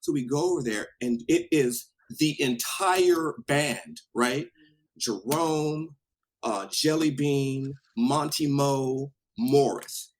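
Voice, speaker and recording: A man from Washington State, a podcast guest, telling an animated story in a casual way with laughs and swearing. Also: medium pitch, slow pace, rough recording. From Washington State, USA.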